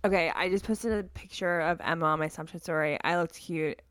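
Woman, 20s, podcast host; blunt, sweary, filler-heavy casual talk, lowish pitch. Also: fairly quick, a bit bright. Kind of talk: casual chat.

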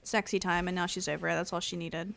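A young woman co-hosting a podcast, speaking bluntly in casual chat, swearing and restarting in quick bursts. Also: on the low side, steady tone, vocal fry, fairly bright tone. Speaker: podcast co-host.

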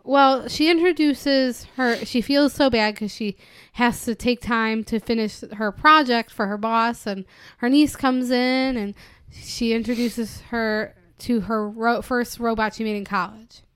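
A woman's voice: fairly high pitch, fairly even intonation, a little slow, fairly bright tone, smooth, dry recording. A woman co-hosting a podcast, chatting casually about a film and giving her opinions in long, heated runs. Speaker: podcast co-host. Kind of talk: casual film-review chat.

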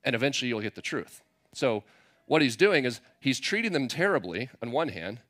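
A man's voice: medium pitch, very animated, a little fast, fairly bright tone. Conversational man preaching a sermon. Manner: conversational, mixes scripture reading with playful paraphrase. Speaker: pastor.

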